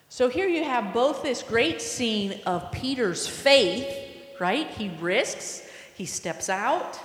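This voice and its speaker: A woman preaching a sermon, telling a story with imagination and asking her listeners questions. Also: mid-range voice. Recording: echoey hall with long reverb.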